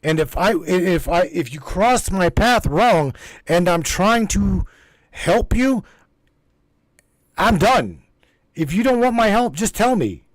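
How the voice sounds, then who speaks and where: The voice is a man's, high-pitched and recorded dry. As host of a spiritual livestream, he talks informally to his live chat in a meandering, repetitive, emphatic manner, cursing often.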